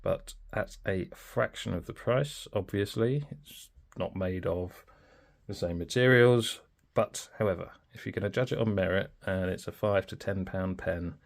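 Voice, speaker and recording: A man's voice: sits low, measured pace, gravelly. A man chatting informally and thinking aloud in a casual pen review.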